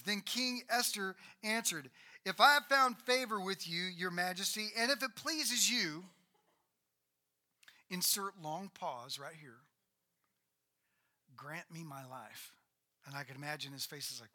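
A man preaching a sermon, retelling a Bible story with lively acted-out dialogue. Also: sits high, moderate pace. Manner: animated storytelling, acting out biblical characters.

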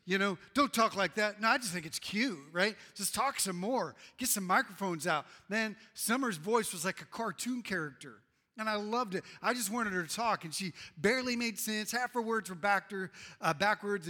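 A middle-aged male pastor preaching a sermon in a church, swinging from loud emphasis to hushed tones. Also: high-pitched. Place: church sanctuary. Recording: reverberant hall.

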